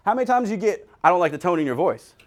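A middle-aged pastor with a high-pitched voice preaches a humorous sermon at a fast clip. He's animated and jokey, acting out little scenes as he goes.

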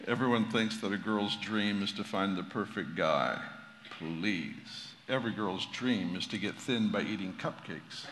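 A male preacher delivering a sermon with jokes, jokey and halting with restarts, to an audience in a large hall. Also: on the low side, a bit bright. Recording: long hall reverb, faint noise.

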